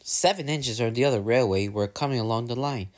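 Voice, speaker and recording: A man's voice: mid-range voice, quick pace. A man reading a railway storybook aloud, doing voices for the characters. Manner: lively, puts on voices for characters. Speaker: narrator.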